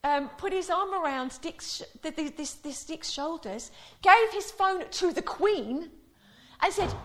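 High-voiced chatty woman preacher. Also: expressive, unhurried, slight background noise. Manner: chatty storytelling, laughing often. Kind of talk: anecdotal sermon and prayer.

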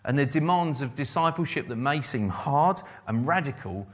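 A man's voice: mid-range voice, animated, normal speed. A man preaching a sermon, quoting scripture and repeating key phrases for emphasis.

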